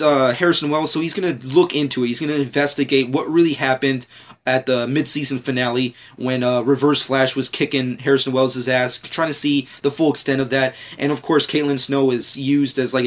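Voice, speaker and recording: A man giving an excitable, rambling TV episode review, swearing often and restarting his sentences. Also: medium pitch, normal speed. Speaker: TV show reviewer. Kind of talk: casual spoken review.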